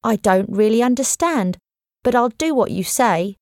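A woman's voice: fairly high pitch, animated, moderate pace, dry recording, studio quality, voice pushed up, lightly acted. A woman doing a worried, tearful housekeeper. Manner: anxious, pleading.

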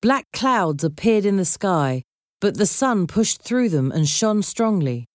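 A woman reading a children's storybook aloud in a clear, measured storytelling voice. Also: medium pitch, sing-song, dry recording, studio quality. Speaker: narrator.

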